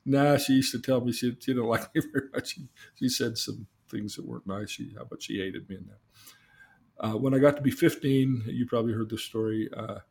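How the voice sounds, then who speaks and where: A man's voice: medium pitch, a little fast, vocal fry, darkish tone. Earnest man telling personal stories. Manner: earnest, repeats himself, asks leading questions. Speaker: guest telling life stories. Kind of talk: casual personal storytelling.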